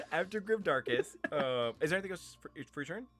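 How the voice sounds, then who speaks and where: A man's voice: on the high side, lively intonation, moderate pace, fairly bright tone, faint music behind. Easygoing male game master. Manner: laughs often, easygoing. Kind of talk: narrating a tabletop game.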